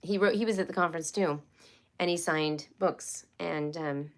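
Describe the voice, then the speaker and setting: Woman, casual live-stream chat, chatty and rambling, lower voice. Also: normal speed. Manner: chatty, rambling with many fillers and restarts. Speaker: homeschool livestream host.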